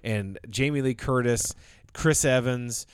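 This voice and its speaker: A man's voice: medium pitch, measured pace, clear, resonant tone, no room sound. A man co-hosting a podcast, talking movies in an enthusiastic, emphatic way and often repeating himself. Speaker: podcast co-host. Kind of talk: casual chat.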